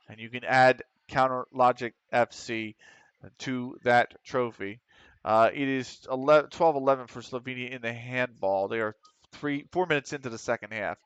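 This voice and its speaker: A man giving casual commentary on a football management game, reading questions aloud quickly and answering offhand with casual swearing. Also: mid-range voice, a bit bright, clean tone, no echo. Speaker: gaming streamer. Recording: dry, slightly dull home mic.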